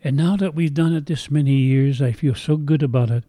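A man's voice: mid-range voice, brisk, warm tone, dry recording. An older man preaching a sermon in an earnest, emotional way, retelling a story dramatically.

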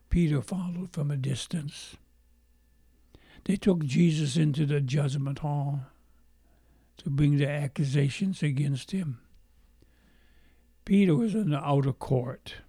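A man preaches a storytelling sermon, dramatically acting out the voices of his characters and dropping to hushed whispers at the saddest moments. His gravelly, mellow voice is on the high side, and he takes his time over each phrase. The sound is dry and close, with no room sound.

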